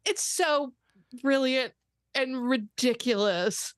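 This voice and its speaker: A woman co-hosts a casual podcast, her voice a little high as she muses with amusement. The sound is close and dry. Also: slow, clean tone, no echo. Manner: amused, musing. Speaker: podcast co-host. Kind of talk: casual chat.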